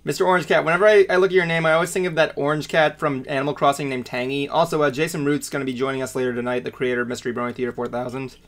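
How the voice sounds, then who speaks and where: A man's voice: mid-range voice, little pitch movement, racing, few pauses. A man hosting a casual livestream chat, rambling and chatty, trailing off with fillers. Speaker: podcast host.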